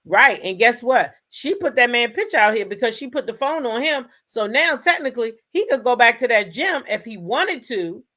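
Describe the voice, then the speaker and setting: A woman's voice: on the high side, animated, moderate pace, hardly any pauses, sharp tone. A woman hosting a commentary show, talking in a blunt, chatty way and swearing freely. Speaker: commentary channel host. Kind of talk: casual commentary.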